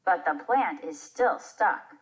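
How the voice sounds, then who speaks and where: A woman's voice: lowish voice, lively intonation, slow, rough recording. A woman narrating a children's play aloud, announcing each character before their lines. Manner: clear storybook reading, naming each part.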